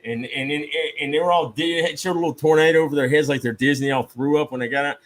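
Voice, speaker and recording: A man's voice: a little high, steady tone, fast talker, low-quality recording. A man hosting a live stream, telling a long game story in a casual, profane way, with mock-outraged asides. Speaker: streamer host.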